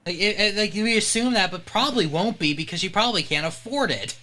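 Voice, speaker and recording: An American woman streamer talking casually over a game. Her pitch swings widely and her tone is bright and sharp. She is animated and swears freely. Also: quick pace.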